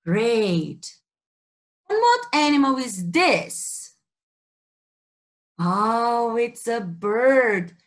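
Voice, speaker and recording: A woman English teacher with a Brazilian Portuguese accent, leading a children's story time and asking simple questions about animals and colors. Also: on the high side. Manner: slow, exaggerated sing-song questioning for kids.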